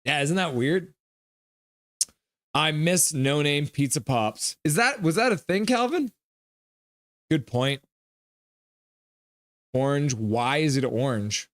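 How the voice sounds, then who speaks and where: A man's voice: on the high side, big pitch swings, takes it slowly, long pauses, a bit bright, no echo, clean studio sound. Man joking through a live game stream. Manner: jokey, teasing, reads chat messages aloud. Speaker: streamer reading live chat. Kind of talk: casual live game reaction.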